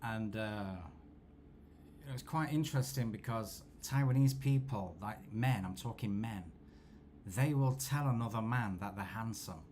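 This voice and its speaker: A man, host of a football watchalong, telling rambling, self-deprecating stories in a low-key casual chat. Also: unhurried, a little mellow, a little hiss or hum. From England.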